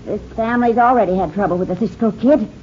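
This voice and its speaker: A woman's voice: medium pitch, fast, dark tone, a little hiss or hum, natural voice. An actress playing a firm, protective middle-aged ranch mother with a folksy western drawl, in a 1950s radio drama. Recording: dull lo-fi old radio broadcast.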